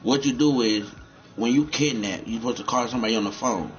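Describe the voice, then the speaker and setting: A man's voice: medium pitch, a little fast, muffled recording, faint music behind. A man rambling and cursing as he comments on a game he is playing, often repeating himself. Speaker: gamer.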